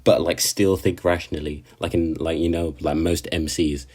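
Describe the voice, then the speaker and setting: A man's voice: deep voice, flat delivery, normal speed, a little mellow, breathy edge. A man giving a casual, rambling recap of an anime episode, chatty and full of slang and restarts. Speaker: anime reviewer.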